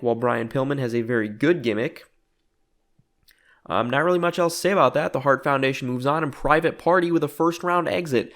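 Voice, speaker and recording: A man giving casual, matter-of-fact commentary on a wrestling booking game, rating and judging each segment. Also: medium pitch.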